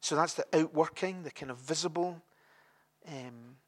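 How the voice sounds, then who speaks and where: A man's voice: fairly high pitch, moderate pace, far from the mic. A man preaching a sermon as the pastor, conversational and repeating key phrases for emphasis.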